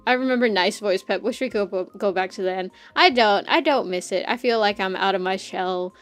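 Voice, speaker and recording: A woman streamer chatting casually while she draws, loud and crude, rambling and laughing often. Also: mid-range voice, normal speed, no echo, soft background music.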